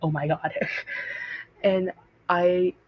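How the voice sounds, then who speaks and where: A teenage girl tells a personal story to her podcast, rambling and correcting herself, often laughing at her own words. Her voice sits a little low and has a breathy, husky edge. It comes through a cheap, dull-sounding home mic. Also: flat delivery, extremely slow, no room sound. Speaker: podcast host.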